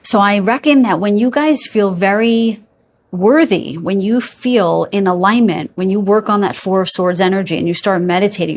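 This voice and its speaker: A woman's voice: mid-range voice, darkish tone. A woman giving a casual tarot reading to her viewers, chatty and full of asides, often checking in with "okay?" and "you guys". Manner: yawns and laughs while talking. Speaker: tarot reader.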